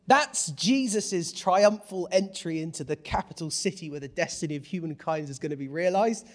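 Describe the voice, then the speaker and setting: A man with a slightly high voice preaches in a British accent. He is animated and playful, dropping to soft, low asides and then rising to loud, excited exclaiming. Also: moderate pace, hardly any pauses. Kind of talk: lively sermon.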